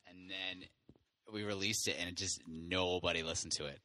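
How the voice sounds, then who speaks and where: A man on a podcast recalling his old band in relaxed, rambling casual chat. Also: low-pitched, moderate pace. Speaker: podcast host, former band musician.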